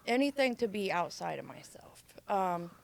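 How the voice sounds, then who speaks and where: A woman's voice: mid-range voice, big pitch swings, normal speed, vocal fry, no room sound. A young adult woman from Ohio, a podcast guest telling her life story candidly and casually, swearing freely and acting out quotes.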